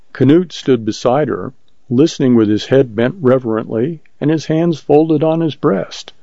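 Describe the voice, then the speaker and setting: A man reading a story aloud as narrator in a measured, even way. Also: mid-range voice, vocal fry, no room sound. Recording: muffled lo-fi recording.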